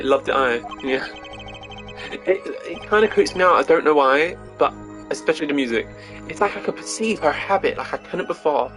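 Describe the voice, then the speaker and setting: A man's voice: mid-range voice, lively intonation, normal speed, music in the background, low-quality recording. A man streaming a video game, chatting between lines with frequent giggles and self-deprecating asides. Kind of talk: let's play commentary.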